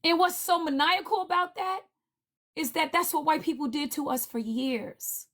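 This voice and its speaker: A woman speaking on a livestream panel in a heated, indignant rant, repeating her demands forcefully. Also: high voice, normal speed.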